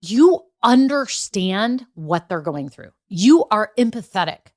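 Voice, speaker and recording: A middle-aged woman hosting a business podcast, telling stories in a chatty, earnest way and repeating her key points for emphasis. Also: fairly high pitch. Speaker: podcast host, business coach. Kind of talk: casual motivational podcast talk.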